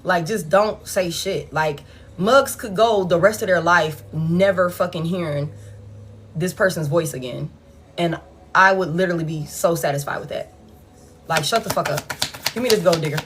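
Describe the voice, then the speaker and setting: A woman's voice: fairly low pitch, moderate pace, slight background noise. A woman giving a casual tarot reading, blunt and profane as she tells it. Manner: blunt, profane, animated storytelling. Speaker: tarot reader.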